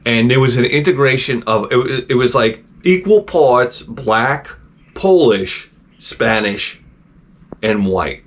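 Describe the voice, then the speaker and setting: A man's voice: mid-range voice, animated, slow. Middle-aged male host; loose, profane, digressive storyteller with an ordinary mid-range voice. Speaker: channel host. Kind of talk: casual rambling storytelling.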